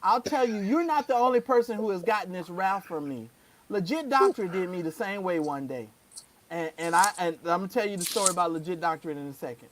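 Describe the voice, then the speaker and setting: A woman's voice: on the low side, brisk, a little hiss or hum. A woman co-hosting a live stream, chatting casually and acting out quotes as she tells a story. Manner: animated storyteller who acts out quotes. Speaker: co-host of a live stream show. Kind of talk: casual chat.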